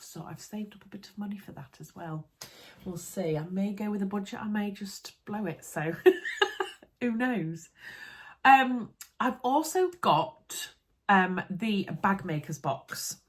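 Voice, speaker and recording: Chatty Yorkshire woman unboxing sewing goodies. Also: fairly low pitch. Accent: Yorkshire English. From Yorkshire, England. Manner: chatty, bubbly, easily excited. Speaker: sewing vlogger. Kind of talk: casual chat while unboxing. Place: home sewing room.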